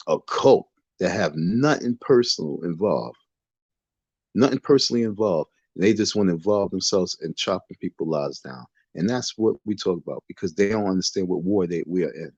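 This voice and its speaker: A man with a lowish voice delivers a defiant, preachy livestream rant, circling back over the same phrases like a sermon. He talks into a phone from his bedroom. The sound is dull and lo-fi, with a close, dry feel and no room echo. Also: darkish tone, breathy edge. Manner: repetitive, defiant, sermon-like lecturing. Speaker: livestream host. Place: bedroom in the dark.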